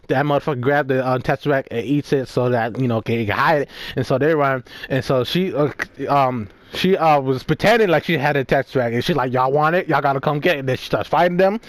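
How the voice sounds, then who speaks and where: A man's voice: medium pitch, no echo. A man casually reviewing a movie in one take, rambling with lots of fillers and frequent swearing. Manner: rambling, profane, fillers and restarts.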